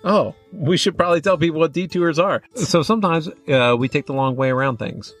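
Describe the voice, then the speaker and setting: A man hosting a podcast in casual chat, relaxed and joking, explaining things with a few fillers. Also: fairly high pitch, fairly quick, faint music behind. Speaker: podcast host.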